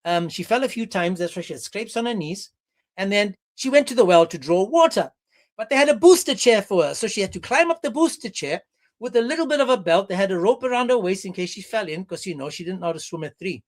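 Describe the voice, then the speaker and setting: A man's voice: high-pitched, expressive, quick pace. A man hosting a livestream religious debate, talking in a mocking, sarcastic way. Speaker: debate stream host.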